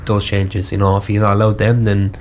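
A man hosting a casual football chat, giving measured, opinionated takes. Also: fairly low pitch, completely flat delivery, slight background noise.

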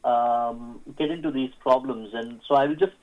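A man, a radio guest who tells stories haltingly, with many fillers and restarts. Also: medium pitch, steady tone. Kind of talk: radio interview storytelling. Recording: phone-like narrow sound.

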